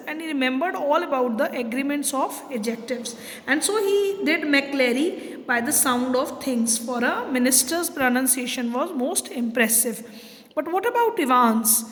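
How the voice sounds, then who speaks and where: Woman, English teacher, high voice, explaining a textbook chapter, simple paraphrasing, many fillers, long reverb. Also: a bit bright. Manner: reads passages, then paraphrases them in simple words with many fillers.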